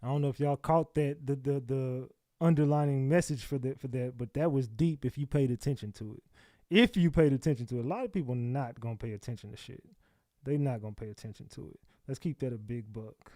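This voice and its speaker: A man's voice: medium pitch, brisk, dry recording, clean studio sound. Slangy profane male livestream host. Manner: loose slangy talk, blunt and profane; talks back to clips, gets loud and heated. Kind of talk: casual live commentary.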